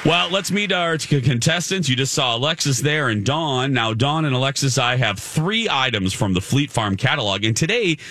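A man's voice: medium pitch, lively intonation, normal speed, few pauses, a bit bright, a little hiss or hum. A man hosting a morning radio talk show, bantering and running a mock game show in a playful manner.

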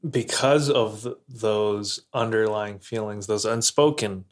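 A man co-hosting a podcast, talking through a movie in a measured, reflective way. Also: lowish voice. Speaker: podcast co-host. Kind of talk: casual movie discussion.

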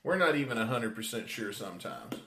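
A man's voice: medium pitch, lively intonation, brisk, gravelly, sharp tone. A man hosting a podcast in loose, joking chat, swearing freely and laughing often. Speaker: podcast host. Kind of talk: casual chat.

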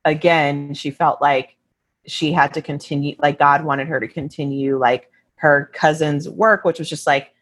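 Low husky woman guest. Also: steady tone, unhurried. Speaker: podcast guest. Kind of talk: casual chat.

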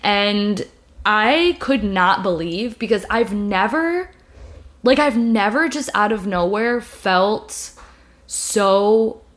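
A young woman talks in a loose, candid way as a podcast host. Her voice sits at a middle pitch, and she fills her talk with restarts and filler words. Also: expressive, slow pace. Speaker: video creator and podcast host. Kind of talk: casual chat.

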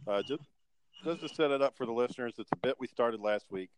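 A podcast host man with the hiccups, swearing freely and playing up mock outrage at his co-hosts. His voice is of average pitch, and clear noise runs under the line. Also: quick pace. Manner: swears, mock-indignant, loud. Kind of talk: casual banter.

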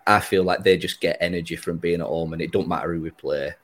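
A man's voice: sits low, steady tone, fast, low-quality recording. A man hosting a podcast, chatting casually about football with a rambling, easygoing manner and frequent laughs. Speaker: podcast host.

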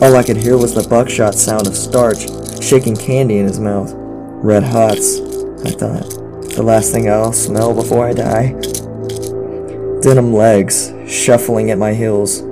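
A man narrating a first-person horror story in a measured way, with occasional stumbles. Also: on the low side. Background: music.

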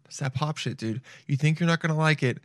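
A man's voice: a little high, fast talker, fairly bright tone, no echo, clean studio sound. A young man streaming and reacting to videos in loose, swearing, self-mocking casual talk.

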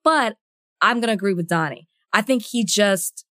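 A woman co-hosting a podcast, chatting casually and teasing her co-host with quick questions. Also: medium pitch, animated, pushed and bright, no room sound, clean studio sound. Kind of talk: casual chat.

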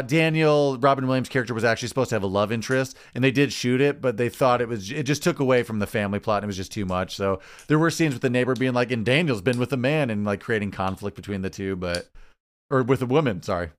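A man's voice: medium pitch, fairly quick, smooth. A man co-hosting a casual podcast chat, talking in long rambling runs full of fillers. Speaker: podcast co-host.

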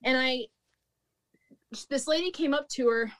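A woman's voice: high-pitched, a little slow, a bit bright. A young woman, a former restaurant manager, telling work stories in casual chat, bluntly, swearing and laughing often. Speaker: podcast guest, recruiter and former restaurant manager.

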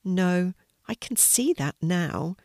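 A woman's voice: lowish voice, animated, slow, vocal fry, a little mellow, dry recording, studio quality, full character voice. A woman voicing a timid male sea turtle who stammers and trembles with fear. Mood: shy.

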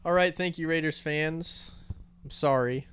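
A man's voice: a little high, fairly bright tone, smooth. A man co-hosting a sports podcast, moving the talk along in casual chat. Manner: brisk, moving the show along. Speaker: podcast co-host.

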